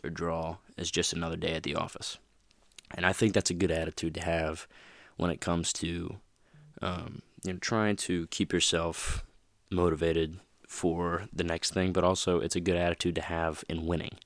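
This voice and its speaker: A man's voice: deep voice, dry recording, studio quality. A man hosting a motivational podcast, talking casually with plenty of fillers and restarts. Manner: rambling, lots of fillers and you-knows. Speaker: podcast host.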